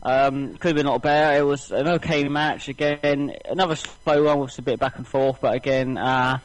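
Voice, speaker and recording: A man's voice: medium pitch, fairly even intonation, moderate pace, rough recording. A tired, slightly ill man recapping wrestling on a casual podcast, rambling with many fillers and restarts. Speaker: podcast co-host.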